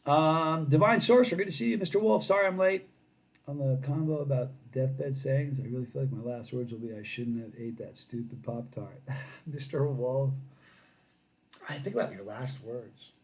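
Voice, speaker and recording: A middle-aged man hosting a casual live stream, reading viewer comments and telling lively stories that grow loud when he gets excited. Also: mid-range voice, moderate pace, poor audio. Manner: animated storyteller, rising loud when excited.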